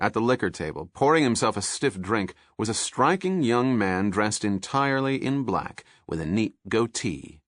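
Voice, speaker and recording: A man narrating a thriller audiobook in a measured, steady scripted style. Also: fairly low pitch, dry recording, studio quality.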